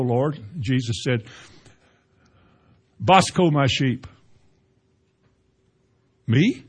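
A man with a husky, breathy voice delivers a sermon from the pulpit. His pitch sits in the middle range, and he leans into emphatic, rising phrases when he quotes scripture. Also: lively intonation, slow pace, long pauses. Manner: preaching with rising emphasis and Bible quotations. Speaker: pastor.

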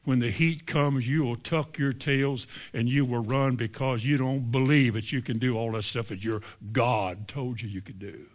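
A preacher voicing a jeering giant warrior. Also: male voice, medium pitch, steady tone, moderate pace, hardly any pauses, voice pushed down, natural voice. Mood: scornful. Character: taunting giant warrior, scornful and mocking.

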